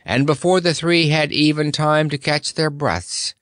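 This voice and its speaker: A man's voice: on the high side, measured pace, no echo, clean studio sound. A man reading a children's fantasy story aloud as narrator. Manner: expressive. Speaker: audiobook narrator.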